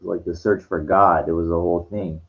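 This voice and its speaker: A man's voice: low voice, steady tone, moderate pace. A man casually retelling a film scene, rambling with many fillers and restarts. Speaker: vlogger. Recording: dull lo-fi recording.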